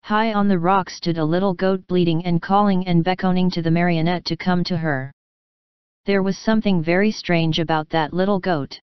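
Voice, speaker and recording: A woman reading a classic children's story aloud in calm, even audiobook narration. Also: lowish voice, clean tone, no room sound. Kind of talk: scripted narration. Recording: dull close studio sound.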